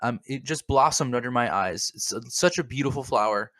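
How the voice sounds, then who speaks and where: A man's voice: medium pitch, a little fast, a bit bright, no room sound, studio quality. A man co-hosting a comedic podcast, rambling in a mock-earnest way and repeating his words. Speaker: podcast co-host.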